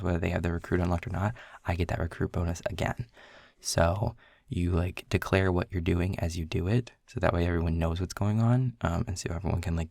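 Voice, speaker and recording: A man's voice: low-pitched, gravelly, a little mellow, dry recording, clean studio sound. A young man in a casual boyfriend role-play, rambling through game rules with lots of filler words. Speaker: audio role-play creator.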